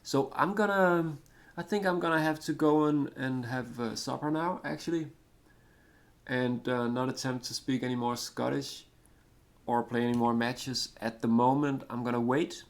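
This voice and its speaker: Gravelly Danish man rambling over gameplay. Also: medium pitch, fairly even intonation, moderate pace. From Denmark. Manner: rambling, hesitant, self-deprecating. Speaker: gaming commentator. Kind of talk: casual let's-play commentary.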